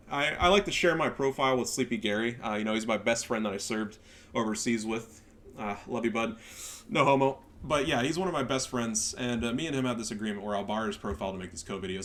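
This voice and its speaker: A man ranting in game commentary, sarcastic and profane, swinging up into shouts. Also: medium pitch. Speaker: gaming video creator.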